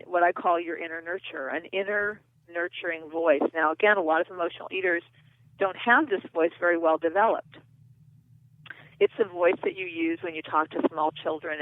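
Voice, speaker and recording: A woman's voice: fairly low pitch, no room sound. A woman therapist and author, explaining earnestly as a guest in a phone interview. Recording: tinny dry phone line.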